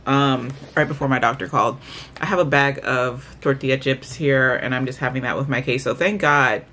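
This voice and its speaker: A woman's voice: extremely low pitch, fairly bright tone. A woman vlogger chatting casually to her viewers, ranting with exasperation. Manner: talks straight to viewers.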